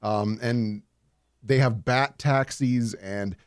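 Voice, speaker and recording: A man's voice: mid-range voice, fairly even intonation, slow, smooth, no echo, clean studio sound. A man co-hosting a casual podcast, talking enthusiastically and rambling with many fillers. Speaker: podcast co-host. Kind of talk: casual chat.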